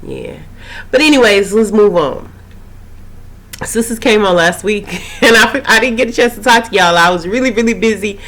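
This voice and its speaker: A woman recapping a TV episode in a casual, rambling way, her voice slightly hoarse after a cold. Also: mid-range voice, animated, moderate pace, a bit bright. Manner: chatty, rambling, with frequent fillers and asides. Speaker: TV recap host.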